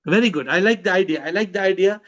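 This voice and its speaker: A man's voice: high-pitched, fast talker. A man hosting an online group discussion, telling stories and acting out characters. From India. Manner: animated storytelling, acting out characters. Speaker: host. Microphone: video call. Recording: muffled video call audio.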